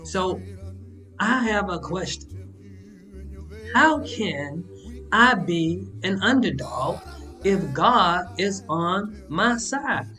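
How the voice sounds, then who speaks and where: A man with a notably high voice delivers a devotional podcast lesson in the manner of a coach giving a pep talk. He preaches emphatically and colloquially, driving home each point with rhetorical questions. A faint bed of music plays behind him. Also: animated, drawn-out words, long pauses, pushed and bright. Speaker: coach giving Bible lessons, show host.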